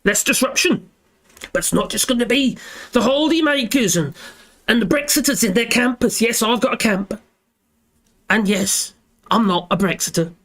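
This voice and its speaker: A man's voice: extremely high pitch, expressive, moderate pace, long pauses, a bit bright. A man hosting a casual live stream, chatting in a rambling way and tagging his lines with little repeated phrases.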